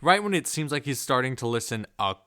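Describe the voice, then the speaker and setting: A man's voice: medium pitch, very animated, fast, bright, forceful tone. A man casually reviewing a film, rambling with many fillers and puzzled rhetorical questions. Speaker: movie reviewer.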